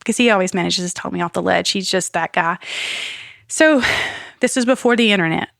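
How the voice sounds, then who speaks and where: A woman giving a personal faith testimony as a podcast guest. She tells it as an earnest, animated story with some self-deprecating humor. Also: on the low side, fairly quick, vocal fry, dry recording, clean studio sound.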